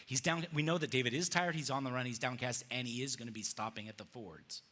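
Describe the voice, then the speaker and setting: Bright, animated man preaching. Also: medium pitch, fast talker, hardly any pauses. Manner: animated storytelling, acting out biblical characters with casual slang. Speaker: pastor. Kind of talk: sermon. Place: church sanctuary with slides.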